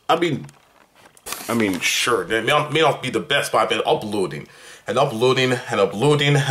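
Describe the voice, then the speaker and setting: A young man vlogging at home, dramatic and whiny, swinging between loud complaints and mutters. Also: medium pitch. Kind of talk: casual home vlog.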